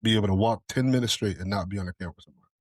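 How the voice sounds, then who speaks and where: A man's voice: lowish voice, rapid-fire, darkish tone, dry recording. A man co-hosting a podcast, rambling in a casual chat and swearing often. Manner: rambling, swears, lots of fillers and restarts. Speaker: podcast co-host.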